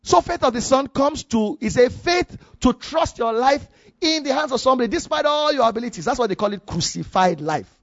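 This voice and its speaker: A man's voice: very high voice, animated, brisk, no echo, highs cut off. A man with a Nigerian accent preaching a sermon, telling a personal story with many repeats and restarts for emphasis.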